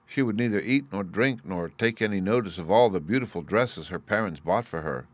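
A man reading a fairy tale aloud as narrator, measured and expressive. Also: fairly low pitch, no room sound. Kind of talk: storybook reading.

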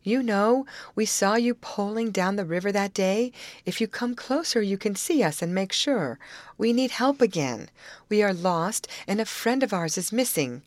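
A woman's voice: medium pitch, expressive, moderate pace, dry recording, pitched above the performer's own voice, natural voice. A woman voicing an eager young woman who speaks politely and coaxingly to a timid stranger.

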